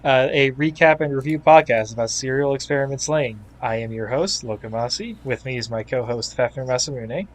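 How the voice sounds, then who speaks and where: A man's voice: medium pitch, a little fast, few pauses. A man hosting a casual podcast, explaining things with a wry, dry humor. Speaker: podcast host.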